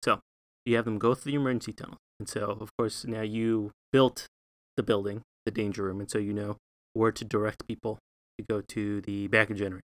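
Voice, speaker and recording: A man's voice: fairly low pitch, little pitch movement, fairly quick, no echo. Chatty man running a tabletop game. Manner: chatty, loose, full of fillers and asides. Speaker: game master.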